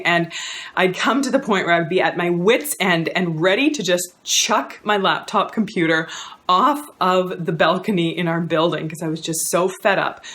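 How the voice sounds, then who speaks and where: A woman's voice: lowish voice, a bit bright. A woman in her thirties, a counsellor, giving friendly, instructive self-help advice directly to the viewer.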